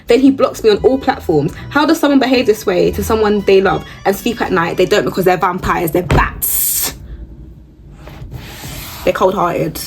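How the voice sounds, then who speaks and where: A woman's voice: mid-range voice, normal speed, soft background music. A young woman hosting her own show, reading posts aloud and reacting bluntly with laughs and gasps. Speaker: host reading reddit posts. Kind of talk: casual reaction commentary.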